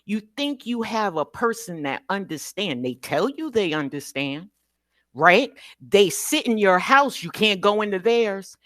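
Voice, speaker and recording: Impassioned woman caller, slow and lively. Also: medium pitch, no echo. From United States. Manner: emotional, preacher-like cadence. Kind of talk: impassioned call-in speech.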